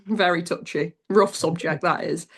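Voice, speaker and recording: A woman's voice: lowish voice, fairly even intonation, moderate pace, a bit bright. A young woman, a podcast guest chatting in a giggly, blunt and down-to-earth way. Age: young adult. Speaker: guest, amateur golfer. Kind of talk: casual chat interview over a call.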